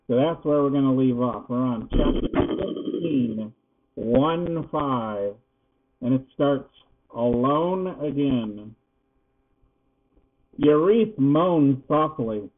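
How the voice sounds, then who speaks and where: An older man, a grandfather, reading a children's book aloud in a gentle, unhurried way. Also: medium pitch. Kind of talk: storybook read-aloud. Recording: tinny phone-like sound.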